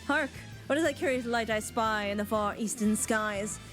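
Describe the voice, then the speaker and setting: A woman voicing Hildibrand, a pompous, grandiloquent gentleman inspector who speaks theatrically, over faint game music. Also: a little high, moderate pace, lightly acted. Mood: dramatic. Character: pompous gallant gentleman inspector, male adult.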